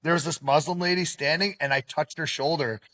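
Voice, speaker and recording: A man hosting a podcast in casual, animated chat, often stopping to add "okay?" to drive his point home. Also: a little high, brisk. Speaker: podcast host.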